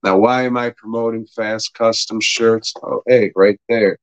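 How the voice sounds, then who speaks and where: A man's voice: on the low side, steady tone, measured pace, no room sound, lo-fi sound. A man hosting a podcast, retelling an episode in rambling, profane casual talk and acting out bits of dialogue. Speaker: podcast host reviewing a TV episode.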